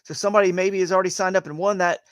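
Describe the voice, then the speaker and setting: A man's voice: high voice, steady tone, rapid-fire, smooth, no echo. A man co-hosting a live fishing show, chatting casually and rambling with frequent restarts. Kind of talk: casual live-stream chat.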